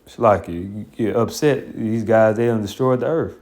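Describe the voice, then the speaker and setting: A man's voice: on the low side, normal speed, a little mellow. A man teaching scripture in an informal, blunt and colloquial way, with scornful asides. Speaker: Bible teacher.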